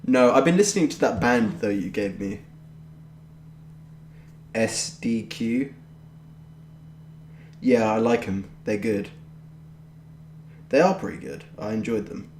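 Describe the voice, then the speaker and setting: A man's voice: fairly low pitch, lively intonation, slow pace, pauses often, darkish tone, a little hiss or hum. A young man, co-hosting a podcast in casual chat, rambling and offhand with a jokey way of talking. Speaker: podcast co-host. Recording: roomy echoey home recording.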